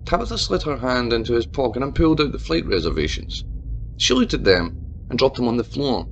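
A man narrating a story in a measured, expressive reading style. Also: medium pitch, dull audio, a little hiss or hum. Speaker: audiobook narrator. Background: faint guitar music.

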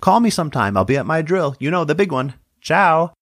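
A man putting on a high, flamboyant, breezy friend. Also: sing-song, brisk, fairly bright tone, no room sound, studio quality. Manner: sing-song, airy.

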